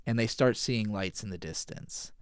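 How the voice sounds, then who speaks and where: A man's voice: fairly low pitch, clear, resonant tone, no room sound, clean studio sound. A man hosting an anime podcast, casually recapping and analyzing an episode in a conversational, occasionally profane way. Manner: casual, profane, retells scenes with quick paraphrased dialogue.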